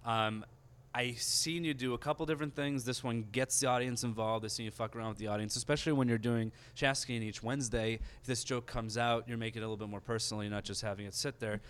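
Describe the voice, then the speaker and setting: A man's voice: medium pitch, fairly even intonation, a bit bright, clean tone. A male podcast host, enthusiastic and casually swearing in an interview. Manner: enthusiastic, swears casually, quick filler-heavy talk.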